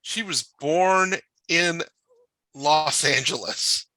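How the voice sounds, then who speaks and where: A man's voice: on the high side, very slow, sharp tone, dry recording. A man co-hosting a podcast, making playful, jokey asides in casual chat. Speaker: podcast co-host.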